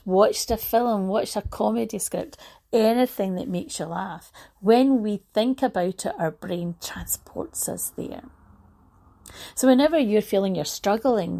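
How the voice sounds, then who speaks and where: Husky woman guiding a visualisation. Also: mid-range voice. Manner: hushed guided imagery, then lively storytelling. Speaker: motivational speaker. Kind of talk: guided visualisation talk.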